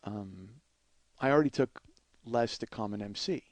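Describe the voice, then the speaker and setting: A man hosting a comedy podcast, telling a long rambling anecdote full of swearing and restarts, and doing quick voices of the people in it. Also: fairly low pitch, darkish tone, no room sound. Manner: mimics other people's voices. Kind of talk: storytelling monologue.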